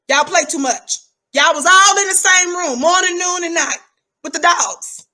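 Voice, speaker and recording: A woman's voice: extremely high pitch, moderate pace, sharp tone. A middle-aged woman, talking in an emphatic, preachy livestream monologue and repeating words for effect. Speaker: livestream commentator.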